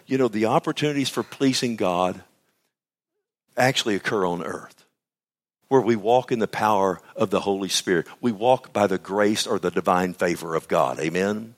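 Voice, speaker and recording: A man preaching a sermon, swinging between loud, high bursts and low, hushed asides.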